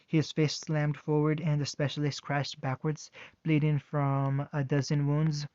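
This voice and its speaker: A man reading fan fiction aloud, halting with fillers and restarts, on a dull, dry recording. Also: fairly high pitch, monotone, darkish tone, dry recording.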